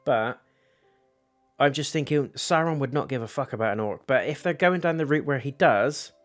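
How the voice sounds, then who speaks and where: A man's voice: mid-range voice, moderate pace, faint music behind. A young man giving a casual, rambling review of a TV episode, talking candidly and swearing now and then.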